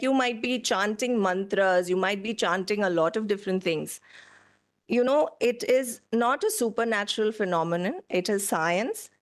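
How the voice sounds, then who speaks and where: Slow, explanatory woman lecturer. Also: medium pitch. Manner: slow, explanatory, asks the audience questions. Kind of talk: lecture to an audience.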